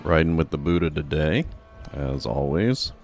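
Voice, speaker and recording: A man's voice: very deep voice, lively intonation, moderate pace, faint music behind. A man streaming a role-playing game, commenting casually with wry asides.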